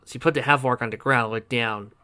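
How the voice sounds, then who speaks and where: A man reading a fan fiction story aloud in a plain, even narrating voice. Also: medium pitch, fast, clean tone. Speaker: reader.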